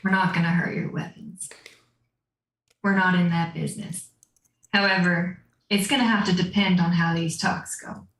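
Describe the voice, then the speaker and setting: A man's voice: sits high, steady tone, moderate pace, a bit bright, roomy sound, low-quality recording. A woman voicing a guarded male bandit second-in-command in a put-on Southern drawl, firmly setting terms. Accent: attempted Southern US. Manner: firm, bargaining, gives orders.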